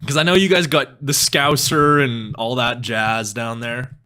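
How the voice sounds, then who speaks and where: A young man from Canada chatting casually on a live stream, animated, laughing often and swearing freely. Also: mid-range voice, unhurried. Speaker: music streamer.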